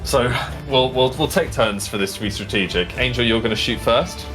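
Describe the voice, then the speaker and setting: A man's voice: medium pitch, normal speed, music in the background. A man narrating as game master of a tabletop game, in a casual, rambling way full of fillers.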